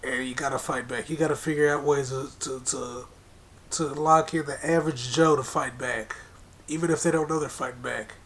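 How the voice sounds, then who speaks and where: A man's voice: mid-range voice, steady tone, moderate pace, a bit bright. A man delivering an angry, profane monologue rant, hammering his points with repetition in a confrontational way. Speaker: political commentator.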